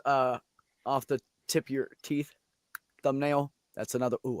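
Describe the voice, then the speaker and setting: A man's voice: medium pitch, steady tone, normal speed, no room sound, studio quality. A man in a casual livestream chat who jokes and reacts with playful mock disgust.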